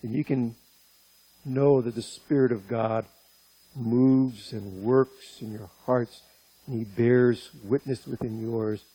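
A male preacher delivering a sermon, impassioned and speaking directly to his listeners, pushing his voice higher and louder on key points. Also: fairly even intonation, slow, breathy edge, no room sound, poor audio. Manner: impassioned, rising in pitch and loudness on key points.

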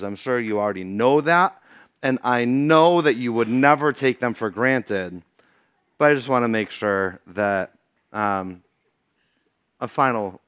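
A man from Massachusetts speaks to a church congregation in an easygoing, chatty way, stopping often on fillers. His voice is smooth and resonant at a middle pitch. The sound is dry and close. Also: fairly bright tone, no echo. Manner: casual and chatty, with many fillers. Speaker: guest speaker.

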